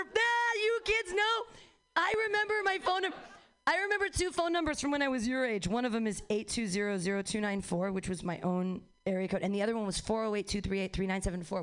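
A young woman works through a stand-up set in a rambling, profane way, tossing off quick self-mocking asides. Her voice sits a little high for a woman. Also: a bit bright. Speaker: stand-up comedian.

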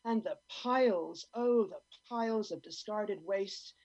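Husky woman performing spoken word. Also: medium pitch, a little slow, few pauses. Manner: theatrical, with sudden swings in loudness and pace. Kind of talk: dramatic spoken word reading. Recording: dull lo-fi radio recording.

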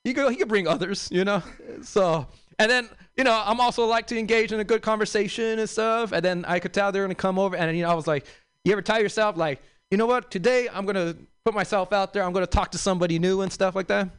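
A man's voice: high voice, fairly even intonation, quick pace, clear, resonant tone, no echo. A young man from Los doing a stand-up set, with a loose, rambling delivery full of fillers and asides. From South Central Los Angeles. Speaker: stand-up comedian.

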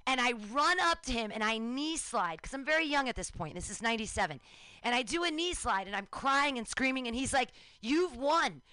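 A woman in her forties telling a lively personal story on a radio talk show, acting out her own shouts and cheers. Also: fairly high pitch, a little fast, clean tone, dry recording.

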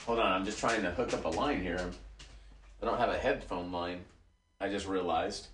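A man's voice: deep voice, normal speed, fairly bright tone, roomy sound, slight background noise. A man hosting a podcast, talking loosely and wandering from topic to topic while speaking straight to his listeners. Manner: loose, digressive, talks to listeners directly. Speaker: podcast host. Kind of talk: rambling casual monologue. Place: small community radio studio.

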